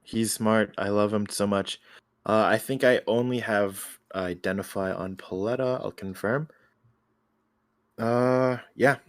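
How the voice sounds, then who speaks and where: A man chatting casually as a player in a tabletop game, excitable and rambling, often correcting himself. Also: on the low side, measured pace.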